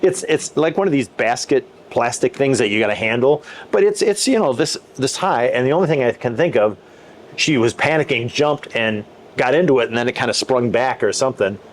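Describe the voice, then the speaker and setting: A man's voice: medium pitch, lively intonation, fairly quick, slight background noise. A man who is a pastor and podcast co-host, chatting casually and telling a rambling anecdote with many restarts. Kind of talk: casual chat.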